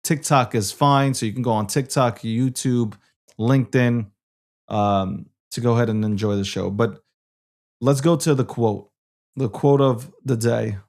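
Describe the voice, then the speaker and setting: A man's voice: mid-range voice, measured pace, a little mellow. Rambling man hosting a casual show. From New York. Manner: rambling, repeats himself, swears casually. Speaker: show host. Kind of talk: casual solo show chat.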